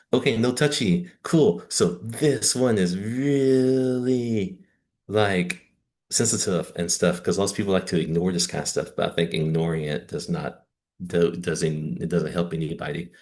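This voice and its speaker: A man with an American Southern accent, giving a casual lecture over slides as a teacher trainer, chatty with wry asides. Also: low voice. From Southern United States.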